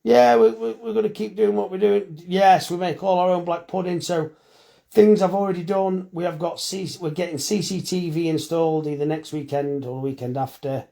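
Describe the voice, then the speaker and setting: A blunt, chatty middle-aged man talks off the cuff on a phone live stream, reading out viewers' comments as they come in. His voice sits a little high for a man, and he swears easily in a friendly way. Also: fairly even intonation, normal speed, gravelly, warm tone. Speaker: farmer and butcher hosting a live stream.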